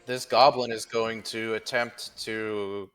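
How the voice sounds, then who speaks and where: A man narrating a tabletop game as game master, describing the action with lively, profane flair. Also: fairly low pitch, slow, clear, resonant tone.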